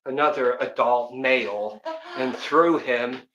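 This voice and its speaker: Animated man chatting on a workout stream. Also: mid-range voice, slow, lo-fi sound. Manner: animated storyteller who counts reps aloud. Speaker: fitness live streamer. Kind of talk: casual live-stream chat during a workout. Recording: roomy echo.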